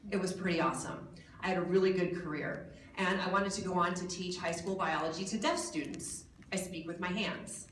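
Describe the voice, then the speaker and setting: An American woman in her forties, her voice a little low for a woman, gives a keynote to a crowd in a large hotel event hall as guest speaker. She tells her story briskly in a jokey, self-mocking way with fairly even intonation. Recorded from a distance off the mic, her voice carries heavy hall echo and slight background noise.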